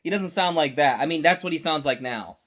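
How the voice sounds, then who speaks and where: High-voiced man rambling excitedly. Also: fairly quick. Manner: excited, rambling, with frequent self-corrections. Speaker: host. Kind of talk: casual fan review.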